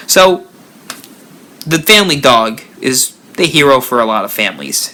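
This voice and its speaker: A man hosting a live stream, telling a spooky story with lively rises and drops. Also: medium pitch, moderate pace. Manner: animated storyteller, rising and dropping for effect. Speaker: haunt builder channel host.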